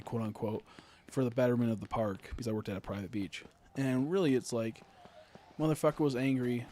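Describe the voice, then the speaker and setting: A young adult man ranting in casual live-stream chat while playing a game, swearing freely and filling pauses with "like" and "uh". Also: medium pitch, a little hiss or hum. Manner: ranting, swears a lot, many fillers.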